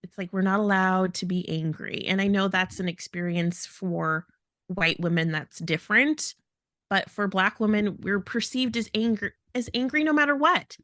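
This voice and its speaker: A woman's voice: mid-range voice, normal speed, fairly bright tone, no room sound, clean studio sound. A woman co-hosting a podcast in casual talk, speaking in an emphatic, indignant way. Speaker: podcast co-host.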